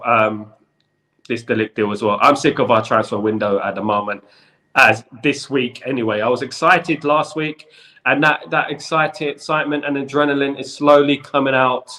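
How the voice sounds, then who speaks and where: A man with a London accent talks through football news on a live stream, replying to his viewers as they comment. He speaks at an ordinary, middle pitch and loops back over the same phrases again and again. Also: sharp tone. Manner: repetitive, chatty, keeps saying "in regards to". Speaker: football channel host.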